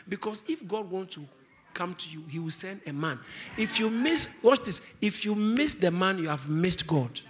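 A man's voice: high voice, animated, unhurried, fairly bright tone. A man preaching a sermon, emphatic, stretching out key words for weight.

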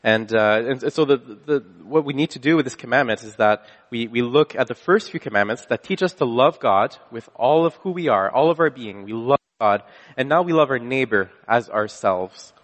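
In an expressive mid-range voice at a moderate pace, a Canadian pastor tells a personal story during his sermon. His casual delivery is full of restarts and self-corrections, heard through long hall reverb.

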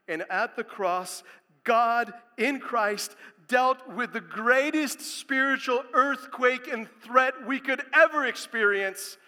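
A man preaching a sermon as pastor, speaking emphatically and building to loud proclamations. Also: high-pitched, in a large hall.

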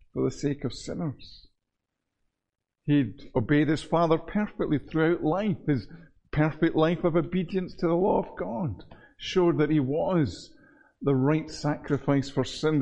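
A man preaching a sermon in an earnest, measured way, often repeating words for emphasis. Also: a little high, warm tone, low-quality recording.

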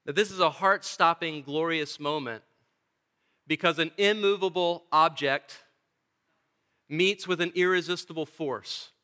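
A man's voice: a little high, unhurried, pushed and bright, clear, resonant tone. A male pastor preaching a sermon in a church, earnest and emphatic, with touches of dry humor. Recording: long church reverb.

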